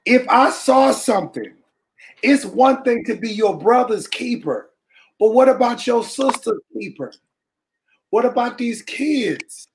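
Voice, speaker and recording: High-voiced man preaching with fire. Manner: animated, calls out to listeners, often shouts for emphasis; colloquial, calls listeners "baby" and "y'all". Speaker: speaker addressing a church audience. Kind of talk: impassioned preaching-style talk.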